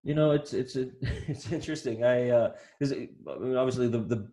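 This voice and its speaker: Male podcast host, casual and rambling, mid-range pitch, stumbles into comedy riffs. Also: mellow. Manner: rambling, halting restarts, tells comedy bits. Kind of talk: casual interview chat.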